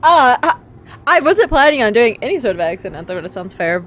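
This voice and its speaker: Give me a chatty woman streamer with a lively, expressive voice, laughing at herself. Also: fairly high pitch, a little fast. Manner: chatty and self-mocking, laughs often. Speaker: game streamer. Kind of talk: live gameplay commentary.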